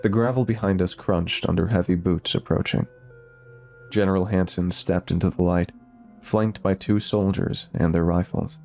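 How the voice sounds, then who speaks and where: A man narrating a scripted horror story in a steady, measured way. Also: sits low. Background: faint music.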